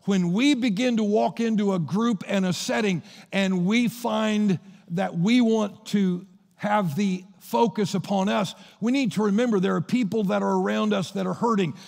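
A pastor preaches in a high, gravelly voice, telling Bible stories scene by scene. His sermon rings through a church hall with a long, trailing reverb. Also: normal speed, a little mellow. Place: church sanctuary.

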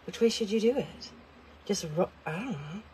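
A woman vlogging a chatty product demo from inside a tiny car, rambling, self-deprecating and easily excited. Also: mid-range voice, normal speed, slight background noise.

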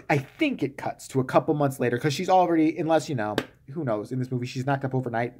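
A man vlogging a profane, sarcastic comic rant about a movie, swinging between mumbles and loud bursts. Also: on the high side, animated, moderate pace.

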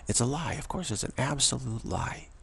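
A man speaking in a rambling monologue with a gravelly, raspy voice, stumbling through restarts and acting out quoted voices. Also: medium pitch, animated, normal speed. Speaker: spiritual speaker.

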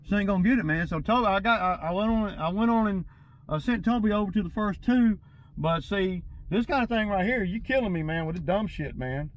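A man's voice: sits high, lively intonation, brisk, rough recording. A man venting to his viewers in a casual vlog, agitated and rambling, tripping over and repeating his words. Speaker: lawn care business owner.

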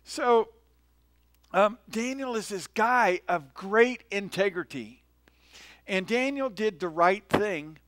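A male pastor delivers a sermon in a friendly, storytelling way, often pausing to ask his listeners "right?" His voice sits a little high for a man. The sound is dry, with almost no room echo. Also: fairly bright tone. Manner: conversational, tells stories, often checks in with "right?". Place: church.

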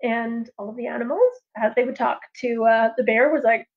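A woman telling a traditional story on a livestream, lively and chatty, with casual asides. Her voice is high, and the audio is dull and lo-fi. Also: moderate pace, few pauses.

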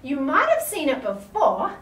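A woman's voice: sits high, wildly swooping pitch, measured pace, noisy background. A woman leading a children's yoga class, playful and encouraging, making animal sounds with the children. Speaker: kids' yoga teacher. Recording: roomy sound from a distant mic.

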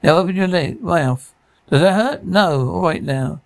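Male sketch reader: gravelly voice set a little high, plain delivery, recorded dry and close. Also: expressive, unhurried, no room sound. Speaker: narrator reading sketches and describing sounds. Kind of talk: comedy sketch reading.

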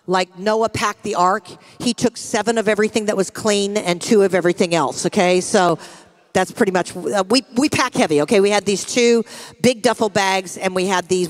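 A middle-aged American woman pastor preaching, telling a personal story with lively acted-out quotes. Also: medium pitch. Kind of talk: sermon with storytelling. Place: church sanctuary. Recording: long hall reverb from a church.

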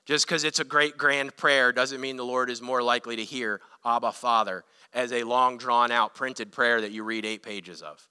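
An earnest male pastor delivers a sermon with emphatic, rising intensity. His voice is bright and sharp, clear and resonant. Long church reverb hangs behind every phrase. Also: mid-range voice, fairly even intonation, moderate pace, hardly any pauses. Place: church sanctuary.

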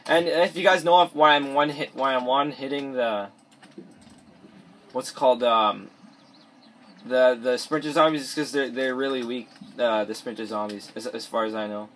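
A man's voice: mid-range voice, steady tone, moderate pace, fairly bright tone, a little hiss or hum. A teenage boy rambling through let's play commentary, restarting his sentences often while he plays. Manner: rambling, many restarts, mumbles asides. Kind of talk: gameplay commentary. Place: bedroom at home. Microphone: cheap mic or device mic.

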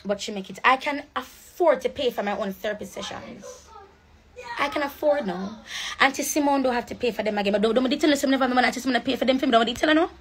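Speaking quickly in a high-ish voice, a woman delivers an impassioned rant into her phone on a livestream, with slight background noise. She is emotional and preachy, cries at times, and moves between patois and standard English.

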